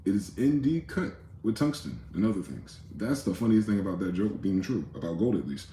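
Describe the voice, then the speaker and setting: A man's voice: deep voice, big pitch swings, brisk, dark tone, echoey room, a little hiss or hum. A man hosting a rambling late-night monologue, profane and conspiratorial in tone, with many asides. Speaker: host.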